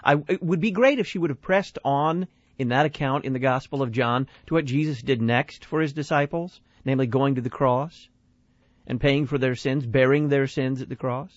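A man's voice: mid-range voice, moderate pace, no echo, dull audio. Man analyzing sermons on the radio. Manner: analytical, poses questions and answers them. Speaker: radio show host. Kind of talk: radio commentary.

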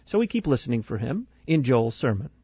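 Deliberate male commentator, dry close sound. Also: medium pitch, very animated, dark tone, husky, dry recording, highs cut off. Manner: measured, critical, deliberate. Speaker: radio show host critiquing a sermon. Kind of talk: analytical commentary.

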